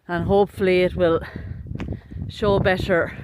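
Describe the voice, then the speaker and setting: A woman's voice: on the low side, level tone, a little slow. An Irish woman walking a hilltop graveyard, chatting like a tour guide to a small handheld camera. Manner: chatty tour-guide explaining as she walks. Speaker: vlogger. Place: windy hilltop graveyard outdoors. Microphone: small handheld gimbal camera mic. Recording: loud wind noise on outdoor mic.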